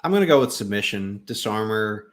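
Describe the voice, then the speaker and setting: A man hosting a casual wrestling podcast, relaxed and hesitant, with many fillers. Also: lowish voice, fairly quick. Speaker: podcast host.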